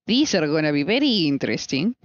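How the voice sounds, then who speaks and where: A woman's voice: low-pitched, big pitch swings, brisk, no room sound, dull audio. A woman streamer chatting casually while she bakes, playful and teasing with exasperated asides.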